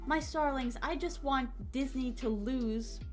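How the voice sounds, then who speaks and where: A woman streamer chatting casually with her viewers and reading their comments, with a soft, relaxing, motherly voice. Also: high-pitched, measured pace, faint music behind.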